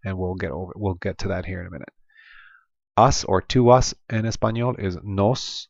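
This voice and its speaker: Man with an Oklahoma accent, deep gravelly voice, patient teacher, dry dull lo-fi sound. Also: normal speed, darkish tone, dry recording. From Oklahoma, United States. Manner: patient, explanatory, with frequent ums and restarts. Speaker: Spanish teacher. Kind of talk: classroom lesson over slides. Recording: dull lo-fi voice-over.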